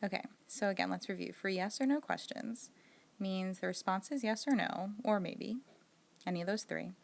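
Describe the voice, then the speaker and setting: A woman hosts a casual video lesson, walking the viewer through each point patiently and voicing sample sentences. Her voice has a noticeable creaky fry, at a middle pitch. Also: normal speed. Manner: explaining patiently with spoken examples. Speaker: sign language teacher.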